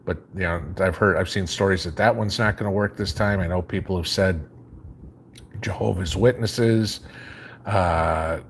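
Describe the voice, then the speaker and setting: A man with a faint Chicago accent, reading viewer comments aloud on a live stream and answering them in a relaxed, rambling way. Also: deep voice, a little slow, a little hiss or hum. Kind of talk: casual live chat.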